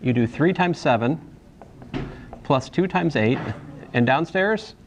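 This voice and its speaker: A man's voice: on the high side, lively intonation, takes it slowly, lo-fi sound, a little hiss or hum. A man teaching a college algebra class in a casual, rambling way, restarting phrases and making jokey asides. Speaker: math instructor. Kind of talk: classroom lecture.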